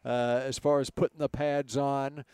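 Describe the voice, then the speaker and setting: A man hosting a sports talk show who leads the discussion in a steady way. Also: medium pitch, unhurried, clean tone, no room sound.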